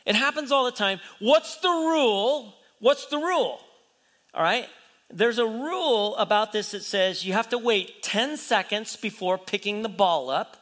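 A male pastor in full sermon mode, retelling a story and acting out the people in it, with constant rhetorical questions. His voice sits high and rings bright and clear. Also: expressive, unhurried, big-room sound.

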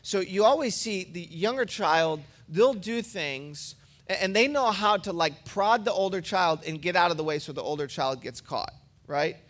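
A man's voice: high-pitched, moderate pace, a bit bright. A man and pastor giving a sermon, preaching in a casual, storytelling way.

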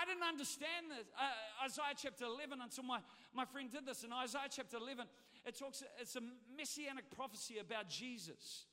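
A man preaching a sermon to a congregation, swinging between shouted exhortation and chatty, humorous storytelling. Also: very high-pitched, lively intonation, normal speed. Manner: humorous, conversational asides to the congregation. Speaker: pastor. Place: church hall. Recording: long reverb of a large hall.

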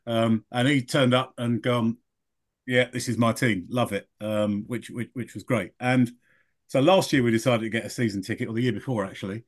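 A man's voice: mid-range voice, fairly even intonation, brisk. A middle-aged man chats as a guest on a podcast. He tells a rambling story and corrects himself along the way. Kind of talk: casual podcast chat.

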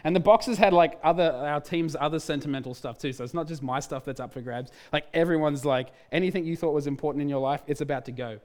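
A man's voice: fairly high pitch, fast, few pauses. A man, a pastor, telling a candid personal testimony in a sermon, with restarts and self-mocking humor.

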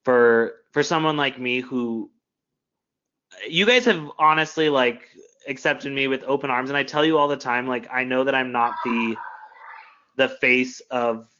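A man chatting as a guest on a podcast, candid and self-deprecating, with lots of "like" and "you know". His voice is bright and forward. The sound is a little dull and muffled. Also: medium pitch, unhurried. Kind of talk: casual interview chat.

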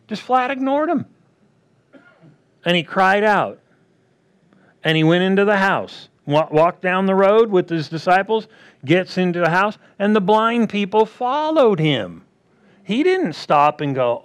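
A man preaching a sermon, acting out quoted voices and swinging between loud bursts and hushed asides. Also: sits high, animated, normal speed.

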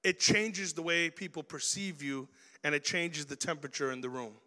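Bright-voiced man preaching in an echoing hall. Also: on the high side, normal speed. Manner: animated, acts out everyday scenes. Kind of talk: sermon to young people.

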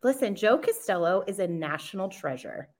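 Animated woman guest, bubbly and quick to laugh, on a video call. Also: medium pitch. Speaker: guest, media relations manager. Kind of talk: casual podcast chat.

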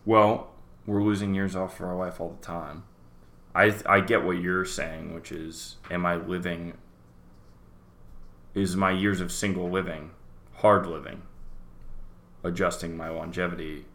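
A man's voice: sits low, little pitch movement, measured pace, long pauses, fairly bright tone. A man co-hosting a casual podcast, talking bluntly and sardonically with plenty of swearing. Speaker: podcast co-host. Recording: roomy echo.

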